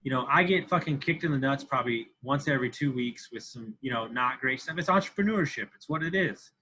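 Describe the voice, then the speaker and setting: A man's voice: mid-range voice, a little fast, pushed and bright, breathy edge, rough recording. A man in his thirties talking as a podcast guest, intense and profane, repeating himself for emphasis. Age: 30s. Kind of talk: candid interview talk.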